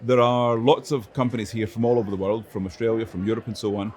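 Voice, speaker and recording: A middle-aged man with a Scottish accent being interviewed at a busy conference, halting and repeating words, with a dry wit. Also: on the low side, little pitch movement, darkish tone. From Scotland. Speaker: interview guest, chief growth officer. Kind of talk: casual convention interview.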